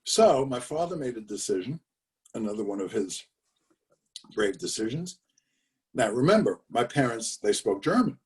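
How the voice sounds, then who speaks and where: A man's voice: mid-range voice, big pitch swings, moderate pace, long pauses, distant mic. An older man telling a family story in a conversational way, over a video call, with fillers and emphatic repetitions. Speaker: speaker telling his father's story.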